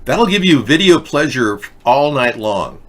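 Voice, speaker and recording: A man's voice: medium pitch, very animated, unhurried. A man hosting a livestream show, rambling in a joking, conspiratorial way and slipping into mock announcements. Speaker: show host.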